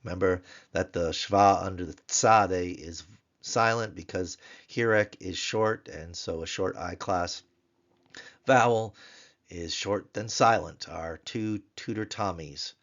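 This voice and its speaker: A man teaching a grammar lesson, patiently repeating each word slowly so learners can follow. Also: deep voice, a bit bright, lo-fi sound. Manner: patient, repeats words slowly for pronunciation drill. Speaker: Biblical Hebrew tutor.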